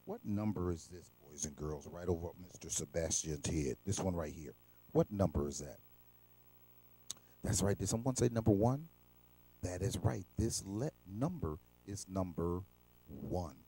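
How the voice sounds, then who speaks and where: A middle-aged man hosting a children's show, teaching preschoolers in a slow, repetitive, coaxing call-and-response manner. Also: sits low, animated, mellow.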